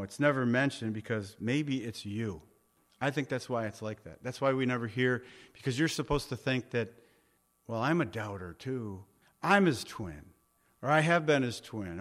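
A man preaching a sermon, conversational, often asking his listeners questions. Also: mid-range voice. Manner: conversational, asks the congregation questions. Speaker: pastor.

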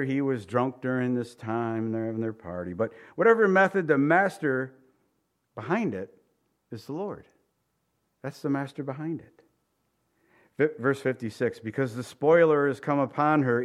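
A man preaching a verse-by-verse sermon, reading scripture aloud and then commenting in a relaxed, conversational way, sometimes acting out incredulous reactions. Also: a little high. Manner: animated, acts out incredulous reactions.

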